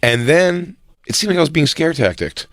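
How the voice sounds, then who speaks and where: A man co-hosting a podcast, telling a story in animated, profane casual chat. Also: on the high side, moderate pace, dry recording, clean studio sound. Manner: animated storyteller, swearing and laughing. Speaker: podcast co-host.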